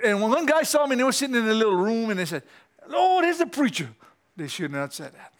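A male preacher, giving an animated sermon in church that climbs to excited peaks. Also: sits high.

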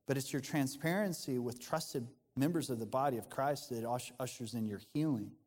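Earnest pastor preaching in a reverberant hall. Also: male voice, medium pitch, normal speed, darkish tone. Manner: earnest, conversational preaching with frequent restarts. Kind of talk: sermon.

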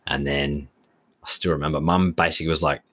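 An Australian podcast co-host with an extremely low pitch speaks fairly quickly. During casual chat he relates a long story in a rambling, animated fashion, acting out much of the quoted dialogue.

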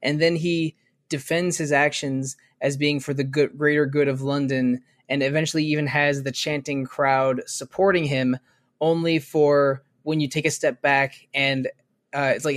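A man's voice: on the high side, little pitch movement, normal speed. A man talking casually on a podcast, thoughtful and rambling, often restarting his sentences. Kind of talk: casual podcast chat about a video game.

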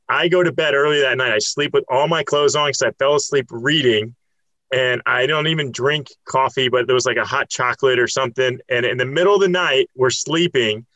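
Man, casual storytelling, animated, bright forceful tone, dry close sound. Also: medium pitch, dry recording, poor audio. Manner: animated, laughing, quotes others in voices.

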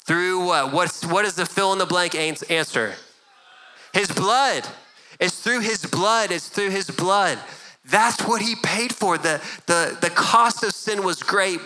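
A pastor in middle age delivers a sermon in a very bright, ringing voice. He talks earnestly and conversationally, often doubling back on his words, and his pitch sits a little high for a man. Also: rough recording.

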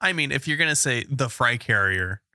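A man trading wry, teasing remarks with his co-host on a podcast. His voice is bright and forward, at a middle pitch. The recording is dry. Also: expressive, moderate pace, dry recording. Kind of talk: casual podcast chat.

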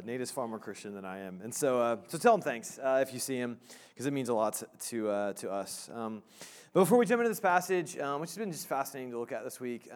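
A man in his thirties preaching a sermon as pastor, casual and halting, with many fillers and restarts. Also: mid-range voice, smooth.

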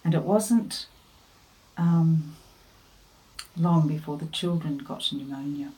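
A woman giving a devotional talk, telling a family story and offering earnest, gentle encouragement. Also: low voice, slow, rough recording. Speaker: devotional speaker.

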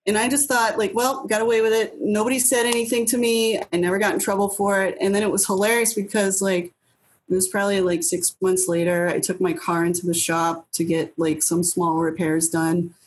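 A woman's voice: medium pitch, little pitch movement, fairly quick, slight background noise, poor audio. A woman in her thirties from New Hampshire, a guest telling casual stories in an interview in a blunt way, swearing freely and acting out her own past lines. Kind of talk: casual storytelling.

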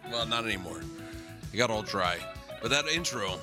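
A man's voice: on the low side, lively intonation, normal speed. A man co-hosting a podcast, dropping dry wisecracks into casual chat. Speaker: podcast co-host. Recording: music playing underneath.

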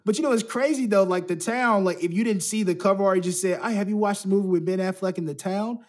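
A man's voice: high-pitched, fast talker. A man chatting casually about a movie as podcast co-host, with rambling, slangy talk. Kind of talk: casual movie review chat.

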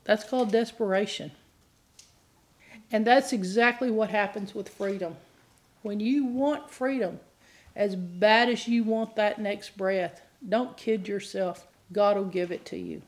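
A woman's voice: medium pitch, measured pace. A middle-aged woman giving an earnest teaching sermon on deliverance, at times rising into impassioned pleading. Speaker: deliverance minister.

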